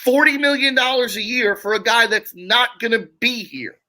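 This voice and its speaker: A man's voice: very high-pitched, normal speed, pushed and bright. A man co-hosting a sports podcast, arguing his points emphatically in casual chat. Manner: argumentative, emphatic. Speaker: podcast co-host.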